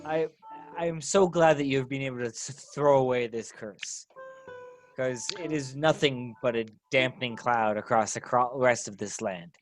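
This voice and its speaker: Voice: mid-range voice, moderate pace, faint music behind. A player speaking in character, gushing and eager to please. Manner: gushing, overly enthusiastic in character. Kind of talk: tabletop role-play.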